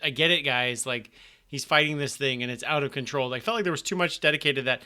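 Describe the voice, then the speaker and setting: Bright wry man in casual chat. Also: medium pitch, fast, clear, resonant tone. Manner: wry, joking asides. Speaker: podcast co-host.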